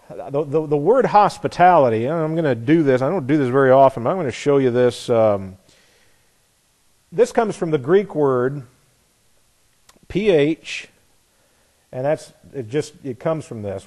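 A man's voice: mid-range voice, darkish tone. A man preaching a sermon to his assembly in a conversational teaching manner, explaining words and sometimes spelling them out letter by letter. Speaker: pastor.

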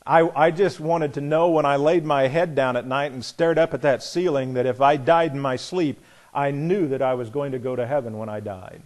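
A middle-aged man preaching a personal testimony, telling his story with swings from loud excitement to hushed quiet. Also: mid-range voice, moderate pace. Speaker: pastor. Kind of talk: sermon testimony.

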